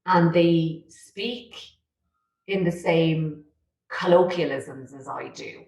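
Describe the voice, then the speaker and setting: Irish woman, podcast guest; low, gravelly, chatty, recorded in a roomy space. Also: slow pace, a little mellow. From Ireland. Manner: chatty, laughing, many fillers and restarts. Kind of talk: casual conversation.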